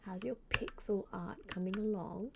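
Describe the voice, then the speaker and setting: A woman streamer chatting casually with her viewers, greeting them by name and often dropping into a soft half-whisper. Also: medium pitch, fairly even intonation, normal speed, creaky, background noise. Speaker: live streamer. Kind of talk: casual live-stream chat.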